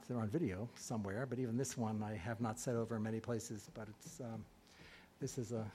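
A man giving a storytelling sermon to a live audience as a rabbi, acting out the voices he quotes. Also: medium pitch.

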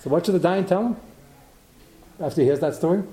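Brief: male Torah teacher, fairly high mellow voice, thinking aloud through a Talmud lecture with rhetorical questions. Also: quick pace, pauses often. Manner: thinks aloud, asks rhetorical questions, mixes Hebrew terms.

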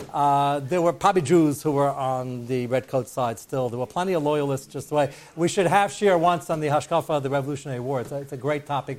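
A man giving a Torah class, joking and wandering off on side stories while mixing in Hebrew and Yiddish terms. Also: on the high side. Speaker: rabbi teaching a class.

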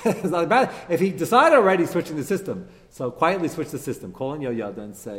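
A man teaching a text class, animated and emphatic, firing rhetorical questions at his students. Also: a little high, a little fast, hardly any pauses, long reverb tail. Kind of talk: classroom lecture with discussion.

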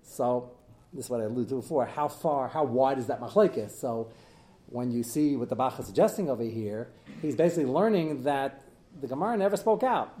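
A man teaching a Talmud class as a rabbi, animated and joking, his voice jumping up and down as he mixes in Hebrew study terms. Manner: animated, swings in pitch and loudness. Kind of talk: lively Talmud lecture with jokes.

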